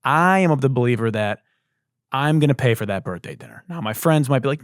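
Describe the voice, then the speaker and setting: A man's voice: mid-range voice, animated, fairly quick, no room sound, studio quality. A man hosting a podcast, telling stories in a loose, joking, profane style. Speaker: podcast host. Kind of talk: casual comedic monologue.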